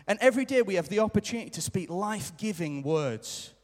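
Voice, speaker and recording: A man's voice: high-pitched, expressive, fairly quick, a little mellow. A man preaching a sermon live in a church, earnest and repeating his key lines for emphasis, sometimes acting out little quoted remarks. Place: church hall. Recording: live church hall reverb.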